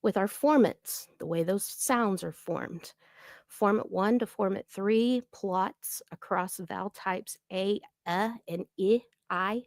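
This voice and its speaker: Slow, gravelly-voiced woman explaining. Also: medium pitch, dry recording, clean studio sound. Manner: slow, deliberate explaining with fillers. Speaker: commentary vlogger. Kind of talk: reading out a voice analysis.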